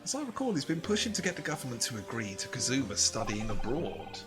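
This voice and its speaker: A man voicing an earnest, easily startled young male defendant, in a fairly low voice over game music. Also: wildly swooping pitch, fast. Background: video game music.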